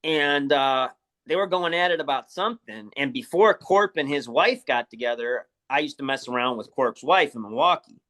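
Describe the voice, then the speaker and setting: A man's voice: mid-range voice, animated, moderate pace, pushed and bright. A man in his forties from the Chicago area, telling profane, laugh-filled stories as a guest in a casual interview. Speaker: wrestler guest.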